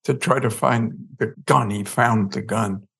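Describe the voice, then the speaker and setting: A man, a podcast guest, telling a story in an animated way and acting out the dialogue. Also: lowish voice, measured pace, vocal fry, breathy edge. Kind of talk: storytelling in an interview.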